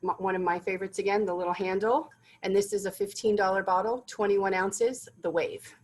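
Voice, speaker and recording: A woman's voice: mid-range voice, steady tone, a little fast, slight background noise, poor audio. A woman presenting corporate gift drinkware in a product demonstration, enthusiastic and gushing about each item.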